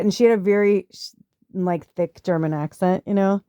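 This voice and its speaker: A woman's voice: steady tone, fairly quick, dark tone, dry recording, clean studio sound. A middle-aged woman podcast host telling a personal story in a chatty way, swearing now and then. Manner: chatty, swearing, acts out quotes in a higher voice. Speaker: podcast host, spiritual medium. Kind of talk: casual storytelling.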